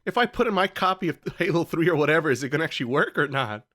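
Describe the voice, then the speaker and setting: A man's voice: a little high, expressive, racing, sharp tone. A man co-hosting a casual podcast, dry and sarcastic. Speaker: podcast co-host.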